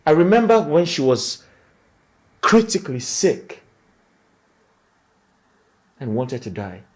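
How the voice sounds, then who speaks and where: A man's voice: on the high side, sing-song, takes it slowly. An actor with a Nigerian accent playing a grieving man who was betrayed by his wife, in a film drama. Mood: bitter.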